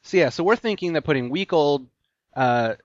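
A man's voice: on the high side, expressive, moderate pace, dry recording. A man telling a long story in casual chat, rambling with lots of "like" fillers. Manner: rambling, heavy use of "like". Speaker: podcast co-host telling a story. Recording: dull lo-fi sound.

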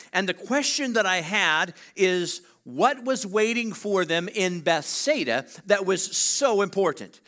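Animated preacher man. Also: high-pitched. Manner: animated, drawn-out emphasis, congregational call-and-response. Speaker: pastor. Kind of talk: sermon.

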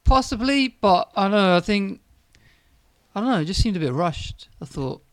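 A man's voice: sits high, big pitch swings, moderate pace, a bit bright. A man in casual chat, giving frank, easygoing feedback and laughing often.

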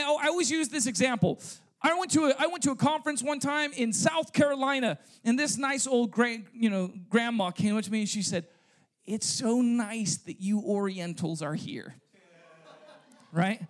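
Speaking at an extremely high pitch with a fairly bright tone, a man preaches to a church congregation. Rhetorical questions come thick and fast, and he ends points with "okay?" or "right?"

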